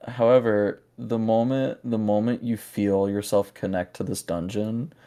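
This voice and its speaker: A man narrating a tabletop game as game master, halting and searching for words with many fillers. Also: fairly low pitch, fairly even intonation, dark tone, clear, resonant tone.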